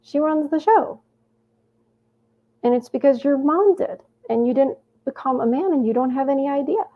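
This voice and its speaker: A woman's voice: sits high, moderate pace. A woman hosting a reaction show, rambling through casual commentary with many restarts and fillers. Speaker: host reacting to a video. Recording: tinny phone-like audio.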